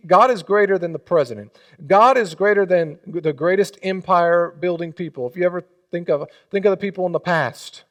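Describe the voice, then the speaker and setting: Male pastor, sermon delivery, slightly high pitch, dynamic swings from loud to hushed. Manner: leads the congregation in call and response.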